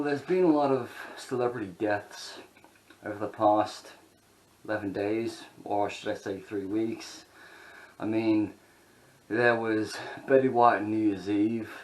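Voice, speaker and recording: A man's voice: lowish voice, fairly even intonation, a little slow. A man vlogging in a casual, rambling way, chuckling between thoughts. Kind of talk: casual chat. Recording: roomy echo.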